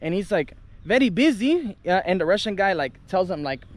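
A young man vents on his travel vlog, heated and indignant and quick to swear. His voice sits high for a man. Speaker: travel vlogger. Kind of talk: casual vlog rant to camera.

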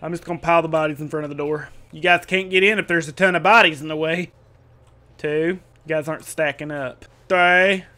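A man giving casual, joking commentary while playing a video game, excitable and cursing freely. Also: on the high side, fairly quick. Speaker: gameplay video host. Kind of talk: casual let's-play commentary.

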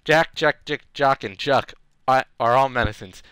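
A man voicing a gruff male detective character in a strained, put-on low voice. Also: normal speed, sharp tone, no echo, natural voice. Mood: reading.

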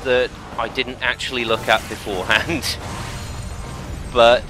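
A man's voice: medium pitch, little pitch movement, measured pace. A man joining as a guest on a game playthrough, chatting and explaining things in a matter-of-fact way. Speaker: co-commentator guest. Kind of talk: casual gameplay chat. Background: game music.

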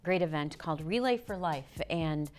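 A woman co-hosting a local community TV show, chatting in an upbeat way with quick, agreeable replies. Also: deep voice, expressive, darkish tone, soft background music. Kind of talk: chatty studio banter.

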